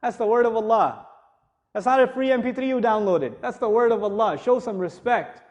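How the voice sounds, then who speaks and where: High-voiced man giving a lively lecture. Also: fairly quick, muffled recording. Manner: humorous, conversational, with rising emphatic passages. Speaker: Islamic speaker. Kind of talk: lecture to a live audience.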